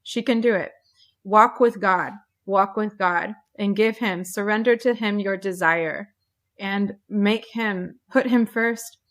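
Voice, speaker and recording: A woman's voice: mid-range voice, takes it slowly. A woman who is an airline pilot, talking earnestly in an interview and repeating phrases for emphasis. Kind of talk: faith-filled interview talk.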